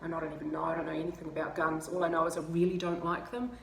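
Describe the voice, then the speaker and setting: A woman's voice: sits low, flat delivery, rapid-fire, vocal fry. A woman from New Zealand with a New Zealand accent, chatting casually to camera in a self-mocking way and laughing often. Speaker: vlogger. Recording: roomy with faint ambient noise.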